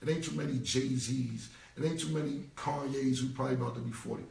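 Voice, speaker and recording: A man's voice: mid-range voice, steady tone, brisk, gravelly, darkish tone. A forty-year-old man, talking bluntly and repetitively in heavy slang as an interview guest. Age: 40s. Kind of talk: casual interview talk. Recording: roomy, distant from the mic.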